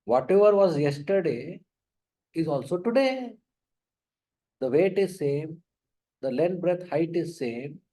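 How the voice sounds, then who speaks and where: A man giving a spiritual talk, slow and emphatic, often questioning his audience. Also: fairly high pitch, animated, dark tone, rough recording. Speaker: spiritual lecturer. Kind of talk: sermon.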